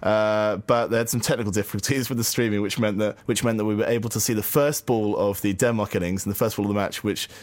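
A man's voice: fairly low pitch, fairly even intonation, quick pace, hardly any pauses, dry recording. A man co-hosting a podcast in casual chat, rambling and wry with frequent restarts. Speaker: podcast co-host.

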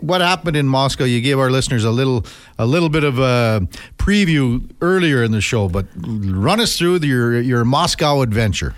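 A man's voice: mid-range voice, expressive. Easygoing male radio host. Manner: easygoing, prompting questions, quick to laugh. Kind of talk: casual radio interview.

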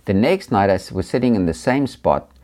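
Deep-voiced South African preacher. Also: male voice, lively intonation, a little fast. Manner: earnest, gentle, with many hesitations. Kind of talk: personal testimony talk.

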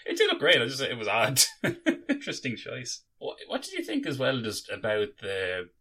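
A man's voice: mid-range voice, huge pitch swings, moderate pace, pushed and bright. A young man co-hosting a podcast, chatting casually and rambling with many restarts. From Ireland. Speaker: podcast co-host. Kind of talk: casual chat.

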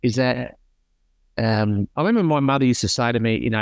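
A man's voice: medium pitch, brisk, clean tone, dry recording. Earnest middle-aged Australian man, dry sound. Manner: earnest storytelling, repeats himself. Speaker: guest. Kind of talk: casual conversation.

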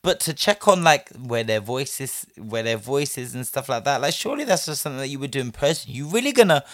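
A man's voice: mid-range voice, very animated, fairly quick, fairly bright tone, dry recording, clean studio sound. A man giving chatty, sassy commentary on a listener's story, peppering his talk with "like" and frequent laughs. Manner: chatty and sassy, heavy use of "like", laughs often. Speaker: host answering a listener story. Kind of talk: casual commentary.

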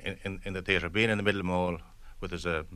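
Man, reminiscing interview, anecdotal, hesitant restarts, lowish bright voice, dry sound. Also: steady tone, quick pace, clear, resonant tone, dry recording.

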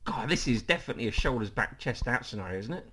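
A man hosting a relaxed podcast chat, his mid-pitched voice rising and falling in an animated way. He is chatty and laughs easily as he leads the conversation. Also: quick pace, a little hiss or hum. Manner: chatty, laughs often, lively delivery. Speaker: podcast host. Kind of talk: casual chat.

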